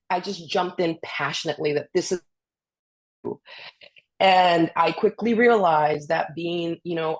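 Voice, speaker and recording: A woman giving a guest talk, telling a personal story in an earnest, lively way with many "you know"s. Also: on the low side. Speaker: guest speaker.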